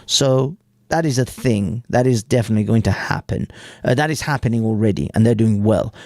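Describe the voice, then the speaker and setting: A man's voice: on the low side, brisk, warm tone, no echo, studio quality. A British man hosting a live stream, giving crude, rambling commentary full of swearing and stumbles over words. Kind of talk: crude casual commentary while reading an article aloud.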